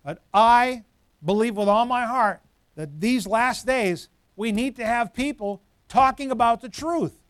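A man, a pastor, preaching a sermon forcefully, building up loud and then dropping into quiet asides. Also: very high-pitched, unhurried, dry recording, studio quality.

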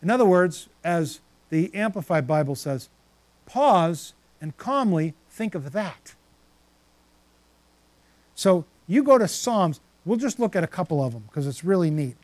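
A man's voice: a little high, expressive, normal speed, hardly any pauses, a little mellow, no echo. A man preaching a sermon, reading scripture passages aloud and then stopping to reflect on them.

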